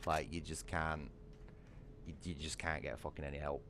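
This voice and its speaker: A low-voiced British man talks loosely while he plays a game on stream. He rambles and swears freely, leaning on filler questions to the chat. A faint hum sits under his voice. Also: little pitch movement, normal speed, fairly bright tone. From Britain. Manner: rambling, heavy swearing, frequent "you know what I mean". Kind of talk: casual livestream chat while gaming.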